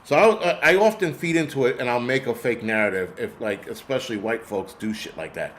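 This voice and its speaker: A man from the United States hosts a casual livestream, rambling through profane stories and responding to chat comments. His voice is medium-pitched and brisk, with a slightly bright tone.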